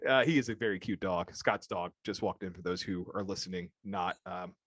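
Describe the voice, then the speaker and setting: A man's voice: sits low, brisk, fairly bright tone, dry recording. A man hosting a podcast, running through political news in a casual, hesitant way, with plenty of fillers and side remarks. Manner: hesitant, lots of fillers and asides. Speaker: podcast host.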